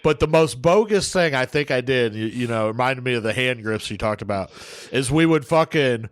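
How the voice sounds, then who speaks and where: A man's voice: medium pitch, animated, normal speed, dry recording. A man co-hosting a podcast, telling rambling stories in casual, profane chat. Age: adult, grown up since his teens. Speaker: podcast co-host.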